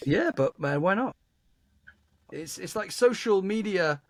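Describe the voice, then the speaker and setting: A man's voice: high voice, expressive, a little slow. A man co-hosting a movie podcast, chatting animatedly and retelling scenes with repeated words. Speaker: podcast co-host. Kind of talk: casual chat.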